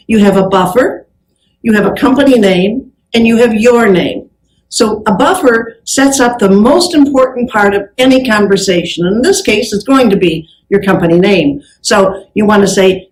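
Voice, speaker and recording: A woman giving a keynote talk on customer service. She tells her stories in a lively way, acts out the people she quotes and laughs often between phrases. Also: mid-range voice. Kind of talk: keynote talk to a business audience. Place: event hall with an audience. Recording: roomy hall sound.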